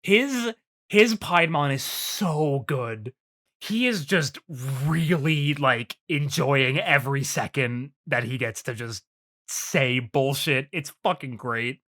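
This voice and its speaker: Young man on a podcast, bright voice, profane and laughing, casual episode recap. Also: mid-range voice, slow. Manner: loose and profane, laughs often. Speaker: podcast co-host.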